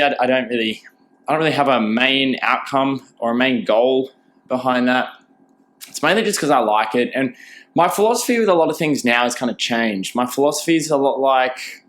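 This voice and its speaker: A man's voice: medium pitch, a bit bright. A young man hosting a casual solo podcast, chatty and rambling, with lots of fillers and restarts. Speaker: podcast host.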